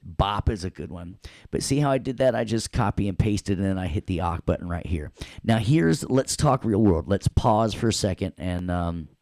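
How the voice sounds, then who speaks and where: A man's voice: low-pitched, lively intonation, normal speed, darkish tone, no echo. A man from Tennessee with a Southern accent, teaching a casual class and joking as he goes. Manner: playful, jokey, makes sound effects. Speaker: instructor.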